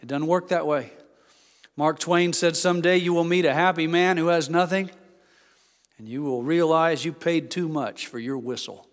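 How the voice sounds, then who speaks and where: An older man preaching a sermon as a pastor, rising to loud emphatic peaks, then dropping into quiet, homely storytelling. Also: fairly high pitch. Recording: long hall reverb.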